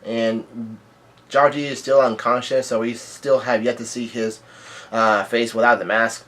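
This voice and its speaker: A man's voice: medium pitch, flat delivery, measured pace, a bit bright. A man casually reading through a comic chapter aloud and adding his own comments, delivering the quoted lines in the same plain, level voice. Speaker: manga reader and commentator.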